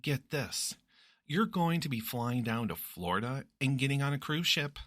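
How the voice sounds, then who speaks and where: A man's voice: animated, moderate pace, fairly bright tone, dry recording, clean studio sound. A man voicing a cheerful, meddling young woman friend in a teasing, bubbly way. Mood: excited. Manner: teasing, bubbly, raises pitch.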